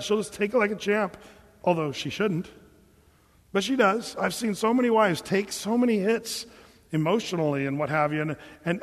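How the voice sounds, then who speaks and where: A man preaching to a congregation of men, animated and emphatic, stumbling over and repeating his words as he pushes a point. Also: sits high, big-room sound. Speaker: pastor and marriage counselor. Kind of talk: sermon.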